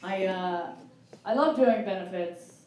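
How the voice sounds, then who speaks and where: A woman's voice: a little slow, slight background noise. A woman in her forties doing a self-mocking stand-up comedy set on stage at a benefit. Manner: self-mocking, punchy, jumps into loud high character voices. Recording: very echoey venue, mic from a distance.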